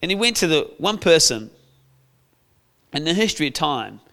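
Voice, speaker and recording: A male preacher tells a Bible story in a playful, storytelling manner. His voice sits fairly high for a man. The tone is smooth and clear. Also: very animated, normal speed. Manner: storytelling, playful, acts out characters with shouts. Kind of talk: sermon.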